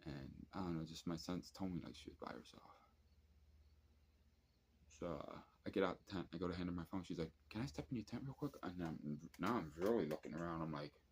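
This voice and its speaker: A man in his thirties talks through a casual late-night rant, stringing profane stories together with lots of "like" and "you know." His voice sits very low, and faint background noise runs under the recording. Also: a little fast. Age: 30s. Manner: rambling, profane storytelling with many fillers. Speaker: vlogger. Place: at home at night, drinking and smoking.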